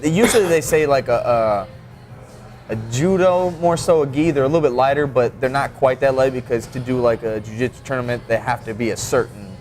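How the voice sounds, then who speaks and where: A man's voice: mid-range voice, fairly quick, a little mellow, soft background music. A man who is a mixed martial arts fighter, talking as a podcast guest in a laid-back, rambling way. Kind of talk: casual podcast chat.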